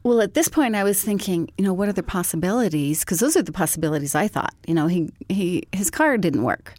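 Calm, low-voiced woman telling her story. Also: fairly quick, no echo. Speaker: guest. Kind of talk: personal testimony storytelling.

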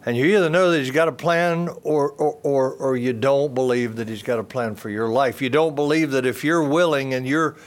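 A man's voice: medium pitch, steady tone, normal speed, few pauses. An older man telling a personal testimony in an earnest storytelling way, repeating phrases and restarting sentences. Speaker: speaker giving a testimony.

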